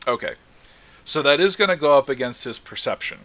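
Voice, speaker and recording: A man's voice: mid-range voice, lively intonation, fairly quick, a bit bright, no echo. A man running a tabletop game as game master, laid-back and often laughing as he makes rulings.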